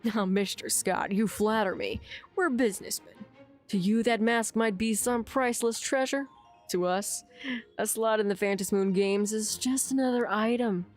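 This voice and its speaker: Woman doing a smug businessman dude, slow and oily, kinda condescending. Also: medium pitch, faint music behind, natural voice.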